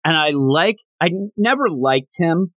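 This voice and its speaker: Animated man chatting about comics. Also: on the high side, unhurried, no room sound. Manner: animated, retells scenes with laughs. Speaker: podcast host. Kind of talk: casual chat reviewing a comic.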